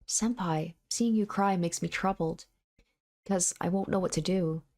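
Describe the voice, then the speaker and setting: A woman reading the lines of a gentle, earnest young man in a soft voice from a visual novel. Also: fairly low pitch, measured pace. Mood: tender.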